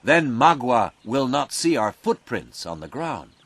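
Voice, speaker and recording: Brief: man doing a steady frontier scout, calm and quiet, dry close sound. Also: mid-range voice, a little slow, no room sound, exaggerated voice. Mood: guiding. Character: steady frontier scout guiding his friends.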